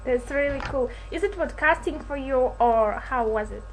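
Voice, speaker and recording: A woman interviewing a singer, asking halting, careful questions. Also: sits high, slight background noise, rough recording.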